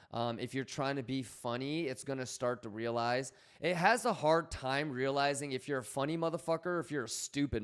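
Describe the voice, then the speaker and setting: Guy hosting a stream, smooth clear voice, hyped and joking with chat, swears a lot, repeats stuff. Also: medium pitch. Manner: energetic, profane, joking with chat; coaching, repeats himself. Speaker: livestream host. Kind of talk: casual livestream chat.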